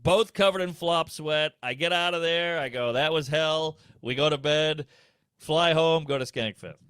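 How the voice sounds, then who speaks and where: A man, a comedian, telling a story on a podcast in a jokey, animated way, acting out the people he met. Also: a little high, moderate pace, smooth, no echo. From United States.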